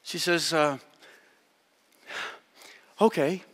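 A man preaching a sermon to a live audience, telling a story with animated voices for the people in it. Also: fairly high pitch, drawn-out words, in a large hall.

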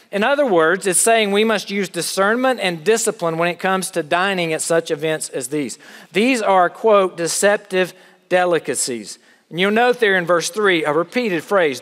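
A man's voice: sits high, fairly bright tone. Man preaching in a reverberant hall. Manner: earnest, explanatory preaching with light humor. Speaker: pastor. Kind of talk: sermon. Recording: long reverb of a large hall.

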